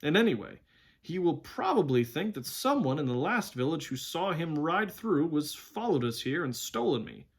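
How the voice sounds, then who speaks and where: A haughty talking war horse, as a man reads him aloud from a storybook. He speaks briskly and loftily, with open scorn for humans, in a fairly high voice. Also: very animated, breathy edge. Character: proud, stern talking male war horse.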